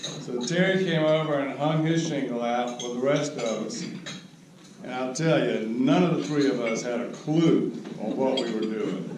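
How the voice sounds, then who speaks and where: An older man giving a humorous storytelling speech at a roast, with wry, unhurried comic timing. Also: medium pitch. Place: large banquet hall. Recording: echoey hall recorded from a distance with background noise.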